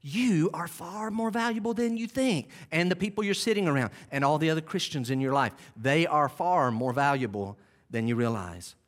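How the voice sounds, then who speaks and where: A man's voice: on the high side, lively intonation, moderate pace. Emphatic male pastor preaching. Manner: emphatic, repeats key phrases with rising intensity; conversational asides, self-deprecating. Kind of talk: sermon. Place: church sanctuary.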